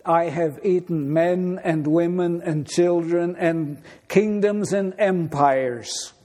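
A man voicing a storybook lion, great and solemn, matter-of-fact, slow, mellow. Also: on the high side, in a large hall.

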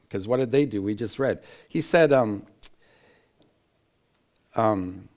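A man preaching a Bible teaching in an animated way, laughing and acting out quotes, with frequent restarts. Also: medium pitch, moderate pace, long pauses. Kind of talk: sermon-style Bible teaching.

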